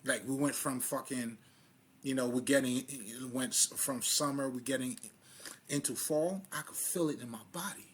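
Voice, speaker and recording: A man's voice: medium pitch, normal speed, slight background noise. A man giving a loose, casual spiritual monologue in street slang, swearing freely and often laughing at himself. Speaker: spiritual vlogger.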